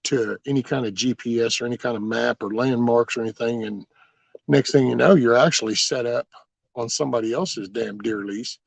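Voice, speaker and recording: A man's voice: medium pitch, a little fast, gravelly, dry recording. A man hosting a livestream, rambling through folksy stories with mild cursing as he answers viewer comments. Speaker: livestream host.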